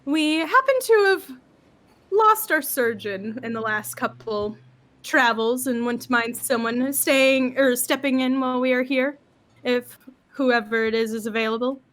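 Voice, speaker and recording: A woman's voice: high voice, measured pace, fairly bright tone. A woman voicing a gracious ship captain who speaks in a polite, formal way.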